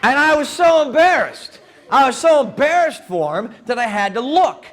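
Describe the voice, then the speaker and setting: A man telling a story live to a young audience, playful and animated, often turning to talk with the crowd. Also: extremely high pitch, normal speed. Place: live event before an audience.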